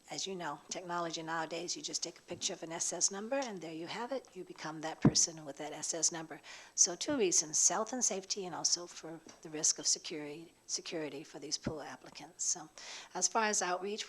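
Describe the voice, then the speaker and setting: A woman, a labor secretary testifying at a legislative hearing, hoarse and impassioned under stress. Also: lowish voice. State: hoarse, emotional.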